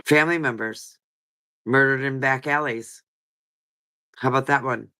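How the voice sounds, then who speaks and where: Her bass voice sounds bright and forceful at a slightly slow pace. As host of a live chat stream, she reads comments casually, rambling with earnest emotion through a nose stuffed up from crying.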